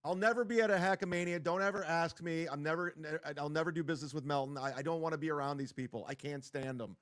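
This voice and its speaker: A man's voice: a little high, quick pace, a bit bright. A male streamer ranting and mocking while reacting to a clip, swearing a lot. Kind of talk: livestream commentary.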